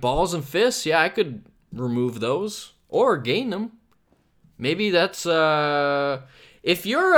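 A man's voice: a little high, a bit bright. A man hosting a solo podcast, rambling from topic to topic in a self-mocking, profane way. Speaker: podcast host.

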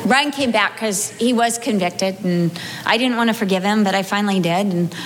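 A middle-aged pastor's wife giving a humorous personal testimony in a sermon, animated and acting out her own past reactions. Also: medium pitch, moderate pace, long reverb tail, a little hiss or hum. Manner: animated storytelling, acting out her own wails and self-talk.

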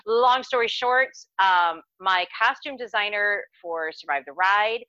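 Bright-voiced excitable woman podcaster. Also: mid-range voice, measured pace, no echo. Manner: excitable and animated, swearing casually. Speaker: podcast co-host. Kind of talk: casual storytelling chat. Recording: dry, dull lo-fi recording.

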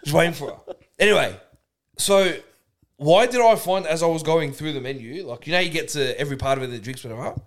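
A man's voice: a little high, brisk. A man co-hosting a podcast, telling stories in casual banter with joking exaggeration. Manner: animated storyteller, jokey exaggeration. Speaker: podcast co-host.

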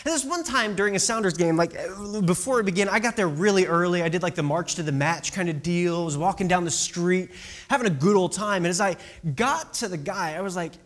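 A man telling a story in a casual, chatty way, full of fillers and "right?" asides. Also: high-pitched.

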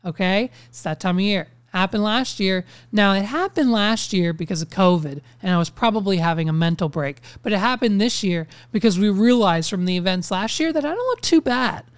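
A man's voice: high voice, a little fast, hardly any pauses, clean tone, no room sound. Profane, ranting young man hosting a podcast. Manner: ranting, profane, animated storytelling. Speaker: podcast host. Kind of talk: casual podcast monologue.

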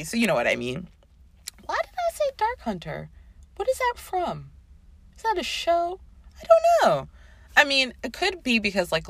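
Chatty, lively woman podcast host. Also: a little high, no echo. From Canada. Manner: chatty, animated, swearing and sidetracked. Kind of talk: casual chat.

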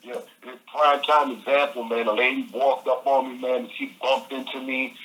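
A man telling a story as an interview guest over the phone, animated and repeating phrases. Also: mid-range voice, normal speed. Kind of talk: casual storytelling. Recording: phone line.

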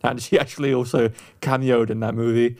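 A man's voice: medium pitch, level tone, fairly quick, creaky, darkish tone. Chatty, enthusiastic male podcast co-host. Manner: enthusiastic, rambling, many restarts and fillers. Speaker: podcast co-host reviewing songs. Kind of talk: casual music review chat.

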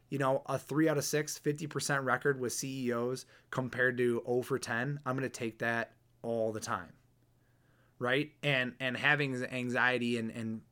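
A man in his thirties hosts a podcast, giving a casual motivational talk in a mid-range, bright, forceful voice. Blunt and earnest, he keeps restarting phrases and repeats words while he thinks.

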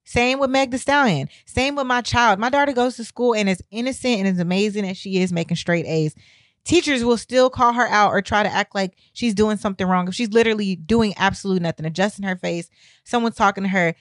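A fed-up woman delivers a blunt, profanity-laced rant straight to her viewers, her emphasis hard and exasperated. Her voice sits at a middling pitch. The sound is dry and close, with no room around it. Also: a little fast, dry recording. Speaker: vlogger. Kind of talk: heated opinion rant to camera.

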